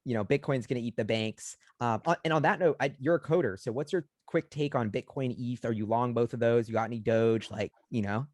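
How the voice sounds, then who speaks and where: A man's voice: medium pitch, fairly quick, hardly any pauses, darkish tone, no room sound, clean studio sound. A man hosting a casual interview, enthusiastic and slangy. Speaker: host.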